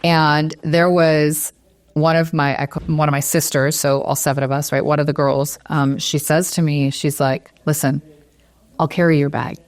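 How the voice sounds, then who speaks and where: A woman's voice: low voice, normal speed, no echo. A middle-aged woman, a real estate broker, earnestly telling a personal story in an interview and growing teary as she goes. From Las Vegas area. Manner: earnest, animated, retells dialogue. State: teary, near crying.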